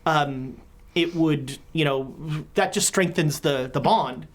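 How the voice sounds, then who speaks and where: A woman's voice: low-pitched, slow pace. Chatty woman game master. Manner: chatty, joking asides. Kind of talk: running a tabletop horror game.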